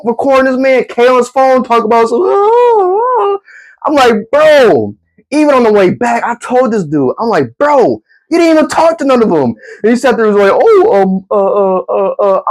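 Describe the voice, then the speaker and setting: Young male storyteller, animated and slangy, pitch all over the place. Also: rough recording. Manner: animated, laughing, slangy, acts out friends with gasps. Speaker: comedic storyteller. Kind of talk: casual comedic storytelling.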